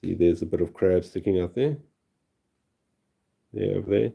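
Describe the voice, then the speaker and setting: In dull-sounding audio, a low-pitched South African man with vocal fry speaks at a normal speed. A fossil collector and channel host, he's packing fossils on a livestream, chatting casually, easily delighted and laughing often.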